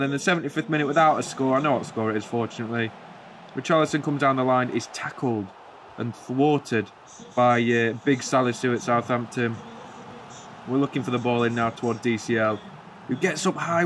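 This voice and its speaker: A man talks through a football video game at a mid pitch, rambling and joking as he narrates the action. Now and then he puts on mock-commentator flourishes. A faint hum sits behind his voice. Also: a bit bright. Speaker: gaming channel host.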